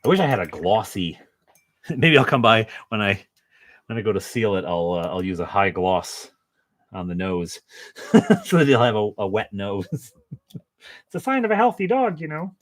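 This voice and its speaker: A man's voice: fairly low pitch, expressive, measured pace. A man chatting casually to his viewers while painting at home, joking about himself and chuckling often. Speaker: painting vlogger.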